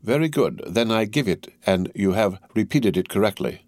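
A man's voice: lowish voice, lively intonation, normal speed, a little mellow, dry recording, studio quality. A man voicing a mild, fussy older bank clerk who speaks politely, hesitating and stammering.

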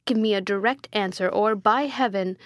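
A woman's voice: medium pitch, moderate pace, dry recording, lightly acted. A woman reading a stern, hot-tempered prince. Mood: impatient. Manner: stern, impatient, commanding. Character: imperious hot-tempered male prince, middle-aged tyrant.

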